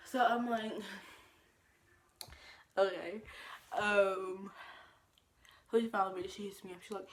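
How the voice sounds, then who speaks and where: A woman's voice: mid-range voice, fairly even intonation, unhurried, pauses often, slight background noise. A young woman telling a story in a casual vlog, talking animatedly with lots of fillers and acted-out quotes. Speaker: vlogger.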